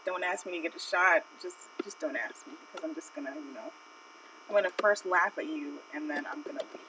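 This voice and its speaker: A woman tells a rambling childhood story on her art stream, dotted with "like" and "you know." Her mid-pitched voice carries some vocal fry. She sits a little back from the mic, and a faint electrical hum runs underneath. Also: expressive, fairly quick, distant mic. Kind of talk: casual live-stream storytelling.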